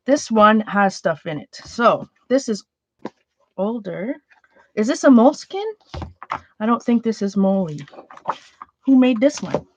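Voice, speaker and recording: A woman's voice: on the high side, lively intonation, unhurried, long pauses. A woman chatting casually as she sorts her art supplies, rambling, trailing off and restarting her sentences. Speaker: art journaling vlogger. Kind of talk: casual chat while sorting art supplies.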